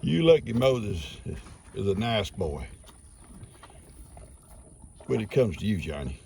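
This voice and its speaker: An older farmer with a gravelly, expressive voice chats casually and slowly outdoors for a farm vlog, his pitch swinging widely. He fondly scolds his livestock and calls out to them loudly in a high voice. Faint noise sits in the background.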